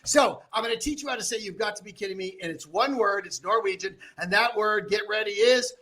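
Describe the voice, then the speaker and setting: Boisterous high-voiced auctioneer man. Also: fairly quick. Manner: boisterous, crowd-rousing, shouting cheers. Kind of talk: energetic gala emceeing.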